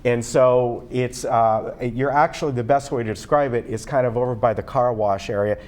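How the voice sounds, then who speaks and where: A man's voice: mid-range voice, fairly even intonation, moderate pace, darkish tone. A man hosting a local television show, chatting upbeat and promotional with a guest. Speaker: TV show host. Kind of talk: local TV interview chat.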